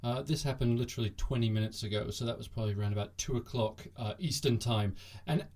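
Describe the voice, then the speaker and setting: Male host, satirical news monologue, sarcastic and jokey, mid-pitched. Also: fast talker, a little mellow. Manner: sarcastic, jokey, bursts into mock cheering.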